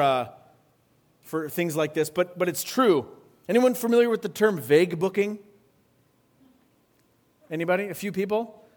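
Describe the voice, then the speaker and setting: A man preaching a sermon in a conversational way, often checking in with the congregation with quick questions. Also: high-pitched. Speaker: pastor.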